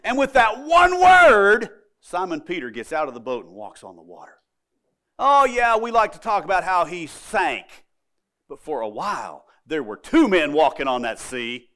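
A man's voice: on the high side, sing-song, normal speed, pushed and bright. A middle-aged man preaching a sermon in a folksy storytelling way, acting out the quotes. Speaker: pastor.

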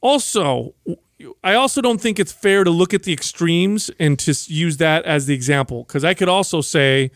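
A man's voice: a little high, moderate pace, no echo, studio quality. A man co-hosting a casual fitness podcast, explaining emphatically and correcting misconceptions. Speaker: podcast co-host.

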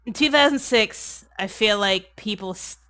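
Mid-range in pitch, moderately paced and sharp in tone, a female podcast co-host casually goes over a movie on a comedy show. She rambles with plenty of sarcasm and crudeness, swearing often and saying "like" constantly.

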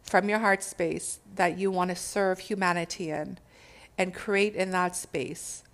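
A woman's voice: lowish voice, steady tone, unhurried, a bit bright. A woman giving a casual spiritual talk to her followers, urging and swearing freely as she speaks. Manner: profane, exhortative, laughs at own words.

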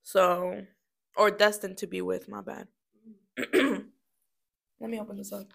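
A woman's voice: mid-range voice, fairly even intonation, slow, vocal fry. A young woman co-hosting a casual chat, talking and giggling while she eats snacks. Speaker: co-host.

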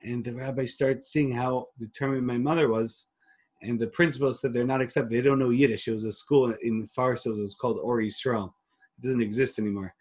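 A man's voice: medium pitch, fairly even intonation, a little fast, darkish tone, husky. A man, a rabbi telling his story in an interview, earnest and full of restarts, dropping Hebrew and Yiddish phrases. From Queens, New York. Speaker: rabbi and organization leader, interview guest.

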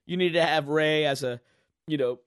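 A man with a fairly high voice chats on a podcast in a relaxed, joking way. His voice sits close and dry on a studio microphone. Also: normal speed, clean tone, dry recording. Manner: laid-back, wisecracking. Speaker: podcast co-host. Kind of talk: casual chat.

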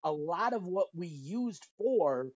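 A middle-aged father co-hosting a casual podcast, talking in an animated way and acting out his anecdotes. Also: high voice, takes it slowly, husky, dry recording. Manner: animated storyteller, puts on voices in his anecdotes. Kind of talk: casual conversation. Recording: dry, dull lo-fi audio.

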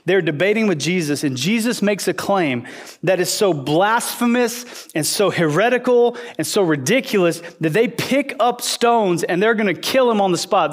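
A man with a somewhat high voice gives a relaxed, conversational sermon. He leans on fillers and playfully acts out the people in his story. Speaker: teacher. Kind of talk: casual sermon teaching.

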